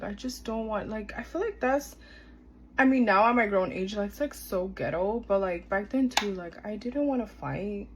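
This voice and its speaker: Background noise sits under this mid-range female voice. A storytime vlogger in her twenties, she recounts a story chattily, using lots of fillers and acting out the dialogue of those involved.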